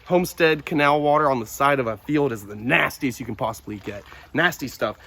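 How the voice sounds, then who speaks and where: A young man hosting a wildlife vlog, telling an excited outdoor story in an animated, breathless way, sometimes shouting at his dog. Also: mid-range voice, fairly quick, breathy edge. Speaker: wildlife vlogger.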